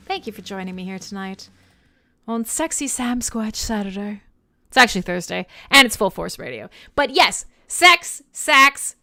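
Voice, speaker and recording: A woman's voice: mid-range voice, sharp tone. A woman hosting a casual live show, chatting with listeners in an irreverent, joking way, swearing freely and laughing often. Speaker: radio show host.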